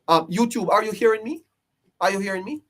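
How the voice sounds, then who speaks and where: A man's voice: high-pitched, expressive, brisk, a bit bright. A man hosting a live-stream political commentary, emphatic and preachy, repeating his phrases for effect. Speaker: live-stream show host.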